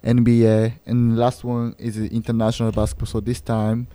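Mellow, hesitant radio host. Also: male voice, mid-range voice, moderate pace, smooth, dry recording. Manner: relaxed, hesitant with many fillers. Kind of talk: casual radio chat.

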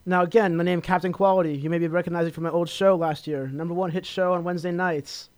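A man's voice: high voice, fairly even intonation, fast, a little mellow, smooth, no room sound. A young man from Los Angeles hosting a college radio show, chatting casually and rambling with lots of fillers as he promotes himself. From Los Angeles, California. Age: young adult. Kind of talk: casual solo radio talk.

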